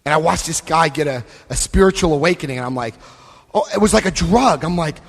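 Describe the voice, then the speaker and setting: A man giving a lively recovery talk to a live convention audience, acting out scenes and voicing quotes. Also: a little high, fast talker, breathy edge. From United States. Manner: animated, acts out scenes, shifts voice for quotes. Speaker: AA convention speaker. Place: convention hall. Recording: long hall reverb.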